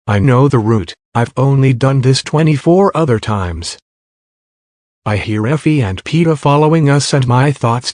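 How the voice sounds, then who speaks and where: A man narrating fan fiction aloud in a steady first-person storytelling voice. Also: medium pitch, no room sound, clean studio sound.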